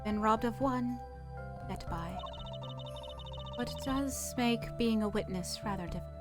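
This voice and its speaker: A woman voicing a calm, composed blind young woman witness who speaks in a measured, formal way in a fan voice-over of a game. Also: on the high side, music in the background, lightly acted.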